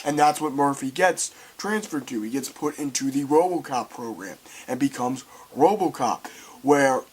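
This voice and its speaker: A man giving a casual, excitable film review, rambling and swearing as he retells scenes. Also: mid-range voice, normal speed, slight background noise.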